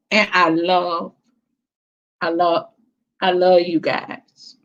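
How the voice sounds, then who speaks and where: A woman hosts a relaxed livestream in a lowish voice with little pitch movement, speaking slowly and drawing things out. Warm and emotional, she calls viewers "baby" and "child" over dull, lo-fi stream audio.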